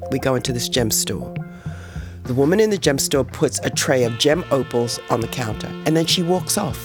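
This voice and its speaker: An older woman from New York, telling her own stories in an interview and acting out the voices in them. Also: a bass voice. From New York, USA. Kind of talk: storytelling interview.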